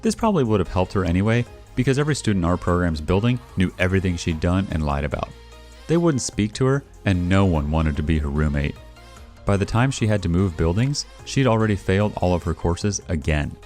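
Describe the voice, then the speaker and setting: Man, very low voice, lively up-and-down delivery, wry first-person story reading, faint music underneath. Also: brisk. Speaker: story narrator. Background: faint background music.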